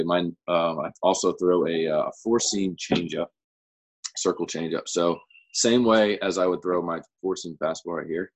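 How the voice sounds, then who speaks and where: Young guy on a podcast, low husky voice, laid back, rambles a bit. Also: low-quality recording. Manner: easygoing, rambling explanations. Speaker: guest pitcher. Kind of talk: casual interview chat.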